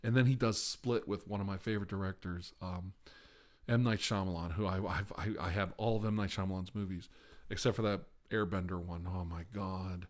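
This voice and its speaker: A man with a fairly low voice hosts a live ASMR stream, talking casually to his viewers. He rambles from one thing to the next, often breaking into laughs and sighs. He sits close to the mic. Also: fairly even intonation, a little fast.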